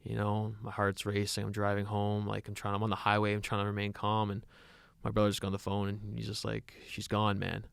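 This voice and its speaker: Low gravelly young man, earnest and halting. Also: completely flat delivery, dry recording, studio quality. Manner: earnest, halting, many restarts and fillers. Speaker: podcast co-host. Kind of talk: personal storytelling in casual chat.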